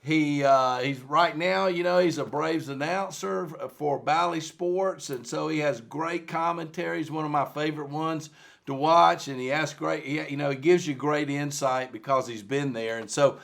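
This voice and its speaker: Gravelly-voiced man hosting a podcast. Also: a little high, moderate pace, a bit bright. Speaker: podcast host. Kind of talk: casual interview introduction.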